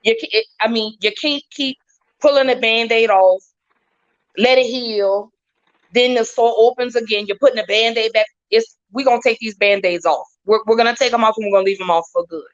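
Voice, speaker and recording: A woman's voice: a little high, a little fast. A woman talking as a podcast guest, heartfelt and emphatic, repeating her points for weight. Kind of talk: casual podcast talk. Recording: dull lo-fi audio.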